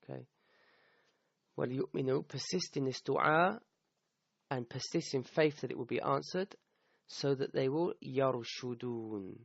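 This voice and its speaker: Gravelly man teaching, dull dry recording. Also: medium pitch, fast talker, long pauses, no room sound. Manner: thinks aloud with restarts, checks in with "okay?". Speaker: Quran teacher. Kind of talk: recorded talk explaining a verse.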